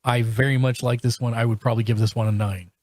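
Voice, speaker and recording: A man hosting a casual podcast, talking at an ordinary middle pitch. He stumbles through restarts and fillers as he reviews shows. His voice is recorded close and dry, with no room sound. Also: level tone, a little mellow, no echo. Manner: halting, full of restarts and fillers. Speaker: podcast host.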